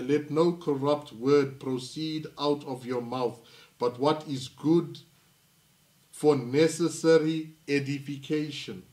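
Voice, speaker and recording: A male pastor from South Africa preaching a sermon, reading scripture slowly and then rising to emphatic delivery. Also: medium pitch, darkish tone.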